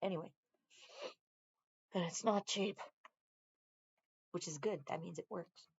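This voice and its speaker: A woman's voice: fairly low pitch, a little slow, creaky, husky, lo-fi sound. A woman, a veteran, chatting casually on a home live stream from her living room, rambling and drifting off on tangents. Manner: rambling, easily sidetracked, talks to her dogs and viewers. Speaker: vlogger, military veteran.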